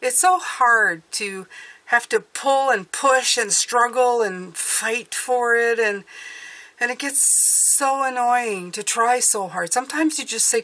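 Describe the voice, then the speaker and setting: A woman's voice: fairly high pitch, a little slow, pushed and bright. A woman giving a casual tarot reading, chatty and often restarting her words. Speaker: tarot reader.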